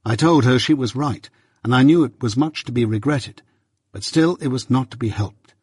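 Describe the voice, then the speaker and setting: A man reads a classic novel aloud in a measured, reflective first-person narration. His voice has a husky grain, recorded close and dry with no room sound. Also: mid-range voice, darkish tone, dry recording. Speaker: audiobook narrator.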